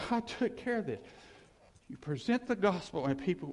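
A male preacher with a fairly high voice gives a rambling, conversational sermon, breaking into sudden loud rises. His voice rings with the long reverb of a church hall. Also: animated, normal speed. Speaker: pastor.

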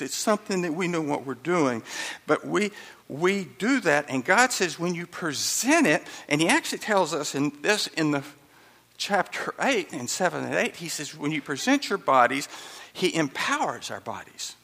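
Man, pastor, sermon, gravelly voice, bright and forceful, repeats phrases for emphasis, long church reverb. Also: a little high. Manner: animated, repeats key phrases for emphasis, chuckles while preaching.

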